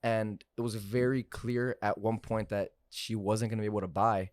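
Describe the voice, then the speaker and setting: A man's voice: fairly low pitch, level tone, normal speed, darkish tone, no room sound. A young man, a car salesman and podcast guest, telling a story in loose, profane casual chat. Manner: loose, profane, lots of fillers like "like" and "bro".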